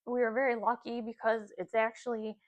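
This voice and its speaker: A woman's voice: on the high side, flat delivery, fairly quick. A woman in her forties casually telling a personal spiritual story, rambling with many fillers and asides. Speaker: spiritual content creator.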